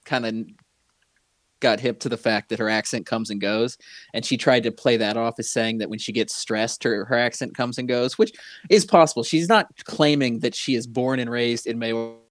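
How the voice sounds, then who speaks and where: A man's voice: medium pitch, fairly even intonation, moderate pace, dry recording. A man hosting a casual chat, rambling and gossipy with frequent restarts.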